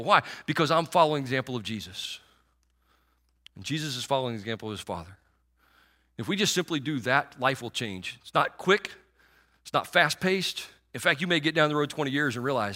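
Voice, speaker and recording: Chatty, bright-voiced man preaching. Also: on the high side, lively intonation, quick pace. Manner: conversational, sarcastic asides, frequent restarts and fillers. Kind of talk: sermon.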